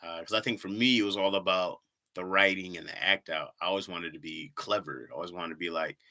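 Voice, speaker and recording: A man's voice: low-pitched, fairly quick, bright, forceful tone. A man who does comedy, chatting casually on a live stream, reading comments aloud and laughing often.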